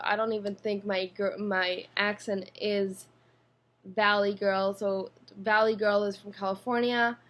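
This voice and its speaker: This young Swiss vlogger's mid-range, fairly bright voice is slow with fairly even intonation, carrying a Swiss accent. She chats casually to camera from her apartment through a built-in computer mic, rambling with fillers and restarts.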